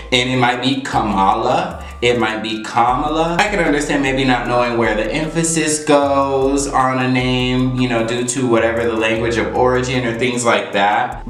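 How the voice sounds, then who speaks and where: A young man talking frankly and conversationally while he does his makeup, giving his opinions in a relaxed, casual monologue. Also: mid-range voice. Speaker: beauty vlogger. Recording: roomy echo.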